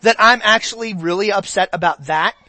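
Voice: medium pitch, fairly quick, pushed and bright, no echo. Preacher, sermon, conversational, repeats phrases for emphasis, dry close sound.

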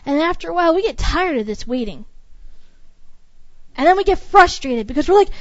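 A high-pitched woman delivers a sermon, hammering her points home through steady repetition. Her voice comes through a dull, slightly lo-fi recording with a dry, close sound. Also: a little fast, long pauses, no room sound. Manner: emphatic, repetitive preaching cadence. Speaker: preacher.

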